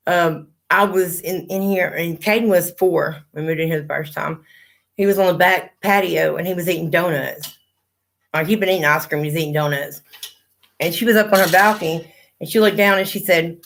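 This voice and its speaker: A woman's voice: on the low side, moderate pace, gravelly, fairly bright tone. Blunt, cussing woman. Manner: blunt, profane storytelling. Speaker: livestream host. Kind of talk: casual chat.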